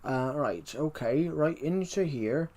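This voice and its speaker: Chatty male game streamer, slightly high voice. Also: animated, slow, a little mellow. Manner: chatty, rambling, repeats himself while answering chat. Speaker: livestreamer. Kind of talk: live game stream, reading chat aloud.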